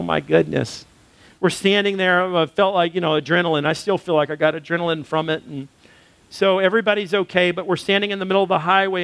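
A man's voice: sits high, fairly bright tone, no room sound. A man, a pastor, preaching a sermon built around a personal story, earnest and conversational.

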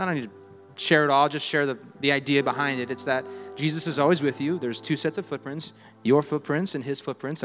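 A man preaching a sermon, swinging between loud exhortation and quiet reflection, with humorous asides and call-and-response lines. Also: fairly high pitch. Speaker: pastor. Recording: reverberant hall with faint music.

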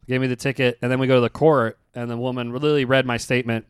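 A young adult man chatting casually on a podcast, telling animated stories, laughing often and acting out other people's voices. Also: medium pitch, very fast, hardly any pauses, smooth, dry recording, clean studio sound. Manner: animated storyteller, laughs a lot, acts out quoted voices.

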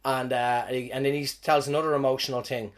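An Irish comedian hosting his podcast, telling stories about his gigs in an animated, swearing, self-mocking way. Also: mid-range voice, fast. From Ireland. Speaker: stand-up comedian, podcast host. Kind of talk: casual storytelling monologue.

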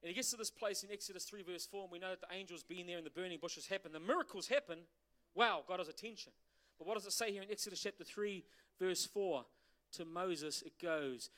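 High-voiced animated preacher man. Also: fairly quick. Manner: animated preaching with rhetorical questions. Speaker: pastor. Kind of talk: sermon.

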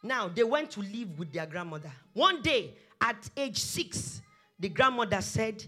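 Emphatic sermon preacher with a bright, ringing tone; repeats exhortations. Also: medium pitch, expressive, unhurried, faint music behind.

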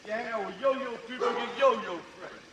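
An actor playing a streetwise boxer who lectures a young girl in rough, mumbled street slang, in a film clip. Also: extremely high pitch, moderate pace, a loud crowd. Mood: lecturing. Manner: rambling fatherly lecturing. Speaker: film character.

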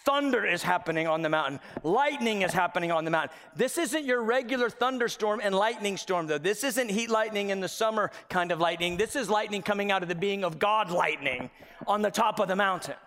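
A man preaching a sermon as pastor, telling a Bible story with animated delivery and acted-out voices and shouts. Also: high voice, a little fast, in a large hall. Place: church sanctuary.

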